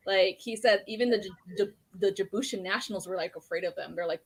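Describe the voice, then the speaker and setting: A woman's voice: medium pitch, fast talker, breathy edge. A woman guest in a casual podcast chat, telling stories animatedly, laughing a lot and swearing freely.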